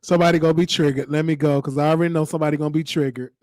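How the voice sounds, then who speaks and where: A man hosting a casual live-stream chat, animated and joking with frequent laughter, his voice worn from talking. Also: sits high, fast talker, no echo, clean studio sound. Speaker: show host.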